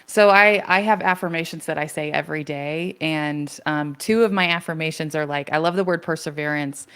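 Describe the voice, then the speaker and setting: A woman with a notably low voice hosts an interview show. She affirms her guest with enthusiasm and chats in an easy, personal way. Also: moderate pace, fairly bright tone, smooth. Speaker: podcast host. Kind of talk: conversational interview.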